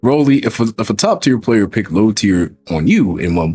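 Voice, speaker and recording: Man, streamer, husky low voice, emphatic rant, swearing, faint music behind. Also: big pitch swings, normal speed, a little mellow. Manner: emphatic, repeats rhetorical questions, swears freely. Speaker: streamer and host. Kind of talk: casual stream chat.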